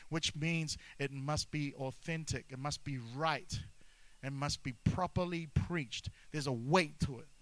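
Male pastor, emphatic sermon delivery, repeats key lines, fairly high voice. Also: a bit bright, dry recording, rough recording. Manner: emphatic, repeats key phrases, mixes humor with intensity.

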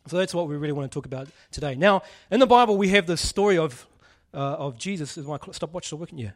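A man's voice: a little high, animated, quick pace. A man preaching a casual sermon, joking and putting questions to the congregation. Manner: chatty, jokey, asks the audience questions.

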